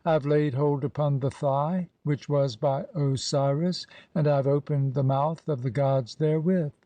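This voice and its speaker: A man giving a measured, solemn reading of an ancient religious text as an audiobook. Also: fairly high pitch, steady tone, dark tone, no room sound. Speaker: audiobook reader.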